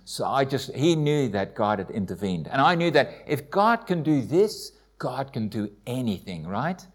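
A man's voice: big pitch swings, moderate pace, breathy edge. Man giving an emotional church testimony. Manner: heartfelt storytelling, acts out dialogue with rising pitch; frequent hesitations and restarts.

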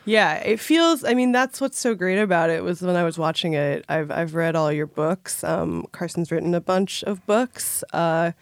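A woman's voice: fairly low pitch, normal speed, hardly any pauses, dry recording. A woman hosting a casual podcast interview, chatty and enthusiastic with her guest. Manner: enthusiastic, chatty, laughs easily. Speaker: podcast host.

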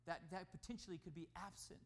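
A man preaching a sermon as pastor, emphatic, rising and falling in loudness. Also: high-pitched, steady tone, quick pace.

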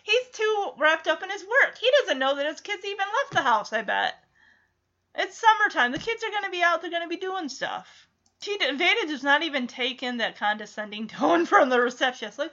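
Chatty, sarcastic woman, high bright voice. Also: very animated, brisk. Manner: chatty, sarcastic, laughs often. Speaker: film reaction commentator. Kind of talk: casual running commentary on a film. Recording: slightly dull lo-fi audio.

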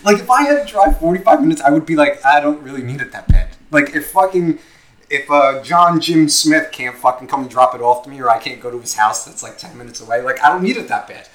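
A man's voice: a little high, animated, a little fast, fairly bright tone, faint music behind, poor audio. A young man co-hosting a casual podcast, telling a story loosely and profanely with lots of filler words. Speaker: podcast co-host.

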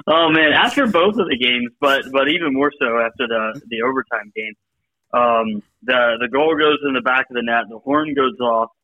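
A male radio guest on a dull, lo-fi phone line who tells stories in an easygoing way. His pitch sits in the middle, and the sound is dry. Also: moderate pace, no echo. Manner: laid-back storyteller, laughs often. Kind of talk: casual sports radio chat.

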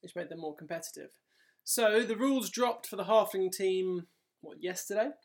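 A man's voice: sits high, normal speed. A young man co-hosting a casual podcast chat, laughing often and teasing his partner in a wry way. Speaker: podcast co-host.

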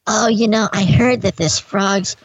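A woman's voice: mid-range voice, steady tone, a little slow, breathy edge, no echo, muffled recording. A woman playing a gushing, hesitant music correspondent in an improvised comedy interview. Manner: gushing, hesitant, filler-heavy.

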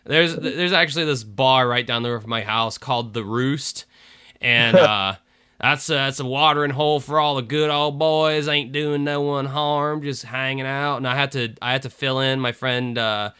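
A man from the Southern US, co-hosting a casual podcast chat, profane and animated, sometimes mocking a drawl. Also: medium pitch, moderate pace, clean tone. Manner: profane, animated, mocks a drawl now and then. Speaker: podcast co-host.

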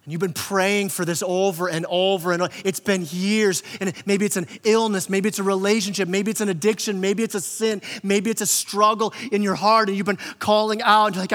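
A man's voice: high-pitched, flat delivery, a little fast, hardly any pauses, fairly bright tone, long reverb tail. A man preaching a conversational sermon as pastor, often repeating words and acting out quotes. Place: church hall.

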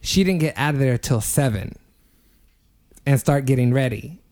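A man's voice: medium pitch, moderate pace. A young man in his twenties, co-hosting a podcast, tells a story in casual chat with lots of swearing and building energy. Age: 20s. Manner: animated, profane, building a story step by step. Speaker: podcast co-host.

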